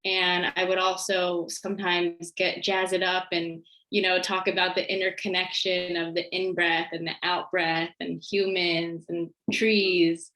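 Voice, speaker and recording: A woman mindfulness educator and former science teacher, talking as a guest in a relaxed, friendly way. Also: fairly low pitch, a little slow, few pauses, poor audio. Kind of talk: conversational interview.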